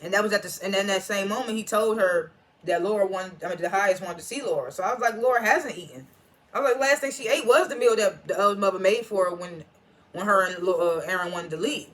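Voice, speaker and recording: Bright-voiced chatty TV episode recapper. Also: medium pitch, quick pace. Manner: chatty, slangy retelling with laughter; frequent restarts and repeated names. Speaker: TV episode reviewer.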